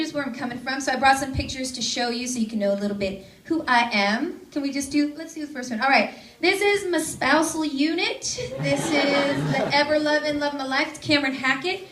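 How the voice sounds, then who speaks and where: Bright and high, this woman's voice carries over a little background noise. In her thirties and from the Seattle suburbs, she works on campus ministry staff and delivers a cheerful, joke-filled conference talk on a stage microphone to a big audience in a crowded, echoey hall.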